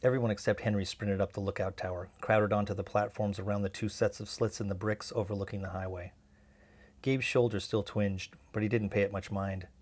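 Low-voiced male audiobook narrator. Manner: steady, measured storytelling.

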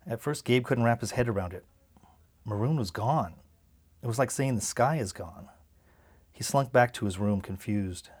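A man narrating an audiobook in a calm, measured way. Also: medium pitch, breathy edge.

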